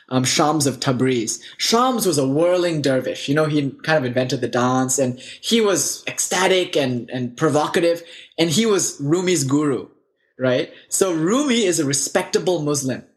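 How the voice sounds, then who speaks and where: Animated man telling spiritual stories. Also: on the high side. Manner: animated, loose storytelling with many fillers. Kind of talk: casual spiritual storytelling.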